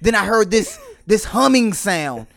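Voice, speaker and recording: A man's voice: high voice, lively intonation, measured pace, vocal fry, a bit bright. A man co-hosting a casual chat, telling a family story animatedly and teasing his wife. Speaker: podcast co-host.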